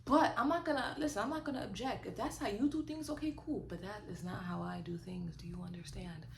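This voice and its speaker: Young woman vlogger, animated and sassy, chatty storytelling, roomy sound. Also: mid-range voice, brisk, vocal fry. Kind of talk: casual storytime vlog. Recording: roomy echo with faint noise.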